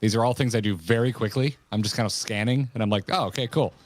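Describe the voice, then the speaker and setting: A man's voice: fairly low pitch, fast. A man hosting a game stream, talkatively explaining how he plays. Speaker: streamer host. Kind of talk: casual gaming chat.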